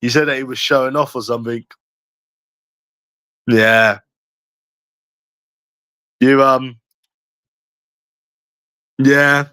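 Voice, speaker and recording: A man's voice: mid-range voice, fairly even intonation, extremely slow, long pauses, pushed and bright, smooth, dry recording. A man with a London accent in casual chat, teasing and slangy, repeating himself often. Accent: London English.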